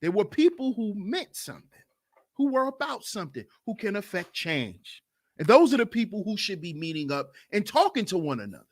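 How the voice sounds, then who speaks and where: A man hosting a livestreamed podcast, talking in an animated, mocking way and often asking "you see?". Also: high voice, brisk. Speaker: podcast host. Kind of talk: livestream commentary.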